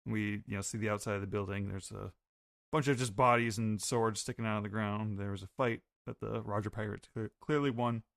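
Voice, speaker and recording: A man hosting a podcast, recapping a comic chapter in casual, animated talk. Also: lowish voice, fairly quick, gravelly, dry recording, clean studio sound. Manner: animated, acts out quotes. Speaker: podcast host.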